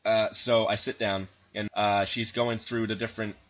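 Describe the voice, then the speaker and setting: A man's voice: lowish voice, level tone, moderate pace, a bit bright. A man casually telling a long story on a podcast, rambling with restarts and laughing as he goes. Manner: rambling, laughs often, acts out quoted voices.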